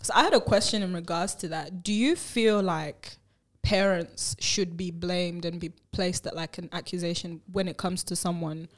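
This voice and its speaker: A woman whose first language is Shona, co-hosting a podcast in casual chat, frank and animated, laughing often. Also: lowish voice, moderate pace. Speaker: podcast co-host.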